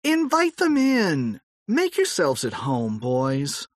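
A man's voice: mid-range voice, wildly swooping pitch, unhurried, dry recording, studio quality. A man voicing a hospitable wife and mother in an audiobook, coaxing and motherly. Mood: welcoming. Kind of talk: audiobook character voice.

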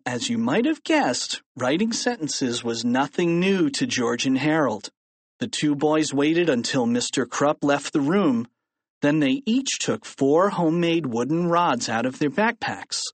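An audiobook narrator reading a children's story aloud in a playful, animated way. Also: medium pitch, slightly rough, dry recording.

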